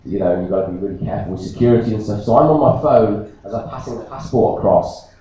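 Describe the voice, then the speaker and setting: A man's voice: lowish voice, quick pace, warm tone, a little hiss or hum. British man, pastor, jokey sermon storyteller; distant mic, big church echo. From Britain.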